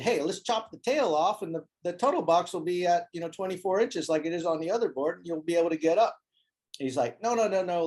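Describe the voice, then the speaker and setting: A man telling a story as an interview guest, animated and acting out the voices of people he quotes. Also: a little high. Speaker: interview guest, foil board maker. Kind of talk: casual storytelling.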